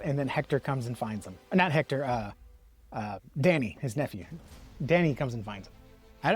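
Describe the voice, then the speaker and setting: A man talks through a comic book review in a relaxed, unscripted way, his voice sitting at an ordinary middle pitch. He stumbles, repeats words and fills pauses with ums. Faint music plays underneath. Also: husky. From Texas. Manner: rambling, many fillers and restarts, chuckles. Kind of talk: casual review monologue.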